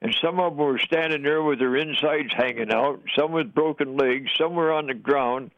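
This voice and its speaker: A man's voice: fairly high pitch, moderate pace, no echo, highs cut off. An older man from the United States, a veteran telling his own stories in an interview with plain, folksy talk and chuckles. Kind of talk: oral history storytelling.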